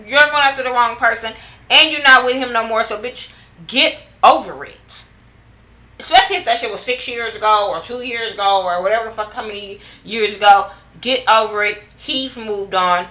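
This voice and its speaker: A young woman casually recapping a TV episode in a vlog, animated and profane, acting out what others said. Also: fairly high pitch, low-quality recording. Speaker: TV show reviewer.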